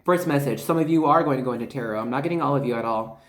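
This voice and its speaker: Excitable, chatty tarot reader in an echoey room. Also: medium pitch, racing. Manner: excitable, chatty, full of fillers and asides. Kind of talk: casual spiritual card reading.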